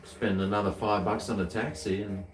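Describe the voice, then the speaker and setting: A man's voice: on the low side, flat delivery, normal speed, roomy sound, far from the mic. A man with an Australian accent, chatting casually as co-host of a live stream, rambling with many restarts. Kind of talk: casual chat.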